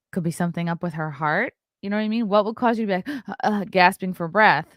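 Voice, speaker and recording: A woman comedian and online show host muses aloud over a clip from a home room lit with colored lights, her casual commentary chatty and packed with filler words. Her medium-pitched voice has a fairly bright tone. The recording is dry, with clean studio sound.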